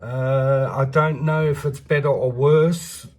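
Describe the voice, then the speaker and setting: A man in a casual collector's vlog talks at an unhurried, slow pace with a middling pitch. He rambles in a chatty way and keeps tagging his sentences with "eh?". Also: steady tone, a little mellow. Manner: rambling and chatty, with tag questions like "eh?". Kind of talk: casual show-and-tell vlog.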